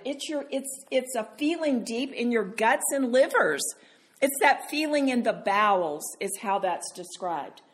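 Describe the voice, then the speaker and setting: A woman teaching a Bible study to a group, animated and tender, calling listeners sweetheart. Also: fairly high pitch.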